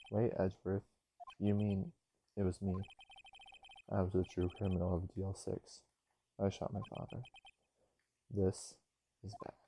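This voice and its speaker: Low-voiced young man reading game text. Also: vocal fry, warm tone, slight background noise. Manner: offhand, reading text aloud with asides. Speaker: game player reading dialogue aloud. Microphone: earbud mic.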